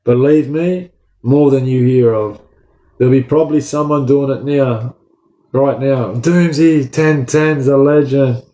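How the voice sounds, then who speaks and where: A man's voice: mid-range voice, unhurried, reverberant. Slangy Australian man live-chatting. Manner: relaxed slangy chat to viewers. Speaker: livestream host. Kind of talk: casual live chat reading comments.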